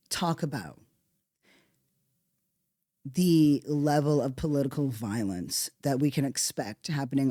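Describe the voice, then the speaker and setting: A podcast host delivering a solo monologue in a sarcastic, profane way, swinging between loud outbursts and quiet asides. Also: mid-range voice, no echo, studio quality.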